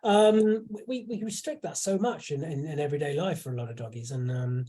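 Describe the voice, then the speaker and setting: Hesitant host with a mellow voice. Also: medium pitch, fairly quick, breathy edge. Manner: hesitant, many restarts. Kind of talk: casual interview talk.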